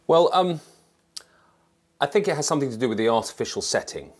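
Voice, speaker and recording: A man's voice: mid-range voice, animated, a little fast, husky. A man talking to camera as a presenting coach, conversational and thinking aloud as he explains. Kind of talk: teaching to camera.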